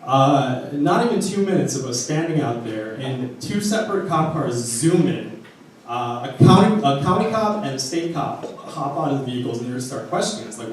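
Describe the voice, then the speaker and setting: A man from Arizona casually telling an animated personal story and acting out the people in it. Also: mid-range voice, normal speed, very echoey, distant mic, slight background noise, poor audio. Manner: casual, animated, acts out quotes.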